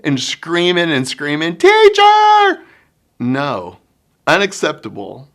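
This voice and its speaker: A middle-aged man, a children's minister giving a conference workshop talk, folksy and animated as he acts out scenes. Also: medium pitch, measured pace. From Oklahoma, US. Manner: folksy sayings.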